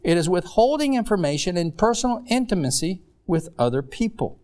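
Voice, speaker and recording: A man preaching a sermon, telling stories in a rambling, animated way with many restarts. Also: high-pitched, brisk. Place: congregation in Mexico.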